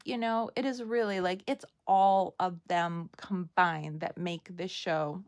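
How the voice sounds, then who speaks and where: A woman's voice: on the low side, fairly even intonation, takes it slowly, darkish tone. An American woman talking casually to camera as a vlogger reviewing TV, chatty and gushing, with many fillers. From United States.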